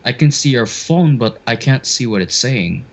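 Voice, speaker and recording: A man's voice: medium pitch, lively intonation. A man co-hosting a casual podcast over a video call, chatting and then reading a scary story in a suspenseful voice. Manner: reads in a slow suspenseful narrating voice. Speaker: podcast co-host. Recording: dull lo-fi call audio.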